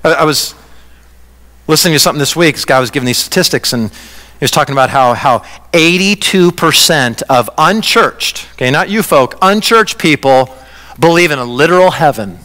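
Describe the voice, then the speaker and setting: A man pastor giving a conversational, animated sermon in a church. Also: a little high, normal speed. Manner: conversational preaching, animated, acts out quoted voices. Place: church sanctuary. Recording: reverberant church hall.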